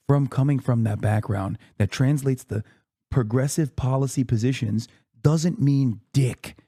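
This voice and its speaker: Man, 30s, streamer; mellow, dry voice, swearing and exasperated, reading out his chat. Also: medium pitch, no room sound. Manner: profane, exasperated, talks straight to chat with repeated "okay?"; whisper-screams to keep from waking a neighbor. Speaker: streamer reacting to a speech. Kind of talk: heated live-stream rant to chat.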